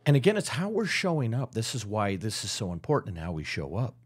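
A middle-aged man from Utah, a real estate guest on a casual podcast, tells stories and animatedly acts out the people in them. His voice is fairly low, slightly rough, and fast.

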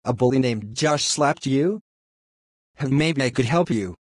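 A man's voice: medium pitch, lively intonation, a little slow, no echo, studio quality. A man in a casual amateur comedy skit, talking plainly with a complaining tone. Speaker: older brother character.

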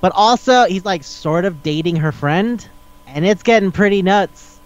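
A man's voice: sits high, moderate pace, dull audio. A man co-hosting a podcast who chats casually, recaps stories with energy, acts out quotes and swears freely. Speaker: podcast co-host. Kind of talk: casual chat.

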